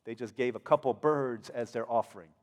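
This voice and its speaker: A man's voice: mid-range voice, a little fast, a little mellow. A male pastor with an American accent giving a conversational sermon, playfully acting out the people in the story. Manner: conversational, acts out characters in playful voices. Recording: long hall reverb.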